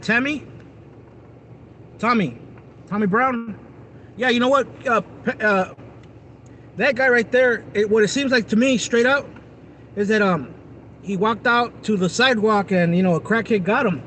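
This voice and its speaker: Streamer type: man with a high voice, chatty and rambling, talking straight to his viewers outdoors, faint traffic behind. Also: normal speed, long pauses, fairly bright tone. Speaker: live streamer. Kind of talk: casual livestream chat with viewers.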